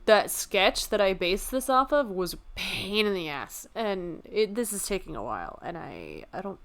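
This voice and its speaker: A woman's voice: medium pitch, animated, normal speed, clean tone. A woman streamer chatting casually and joking at her own expense while she draws. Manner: joking, self-deprecating. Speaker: livestreamer.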